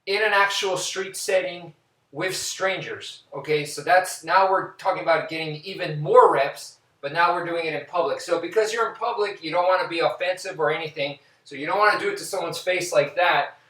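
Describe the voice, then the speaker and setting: A man teaching martial arts in a relaxed, casual way, counting out moves as he demonstrates them. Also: fairly high pitch, moderate pace. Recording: roomy echo, from a distance.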